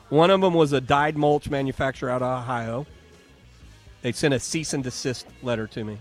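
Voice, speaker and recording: A male radio host talking live on air from a home and garden show. He is chatty and jokes easily, then slides into a salesy ad read. A soft bed of music plays underneath. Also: mid-range voice, normal speed, long pauses. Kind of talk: live radio talk with ad reads.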